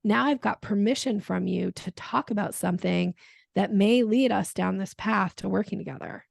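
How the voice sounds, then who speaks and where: A woman with a gravelly, fry-tinged voice talks through her sales ideas as an interview guest. She's animated and slips into quick acted-out lines of dialogue. The recording is close and dry, with no room sound. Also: medium pitch, dry recording. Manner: animated, acts out quoted dialogue with frequent laughs. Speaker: sales coach and podcast guest. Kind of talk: conversational interview.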